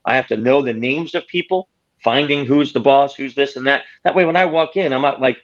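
A man's voice: medium pitch, fairly quick. A man speaks as an interview guest, laying out his ideas through everyday stories and short acted-out quotes. His voice sits in a middle register. The recording sounds a little dull. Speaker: guest author. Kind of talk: conversational interview.

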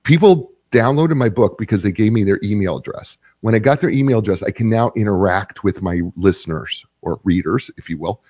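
A man hosts a talk show, introducing a guest and reading a sponsor message in a relaxed way, with frequent ums and uhs. His voice sits fairly low. The sound is dry and close. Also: fairly quick, few pauses, no echo. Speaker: radio show host.

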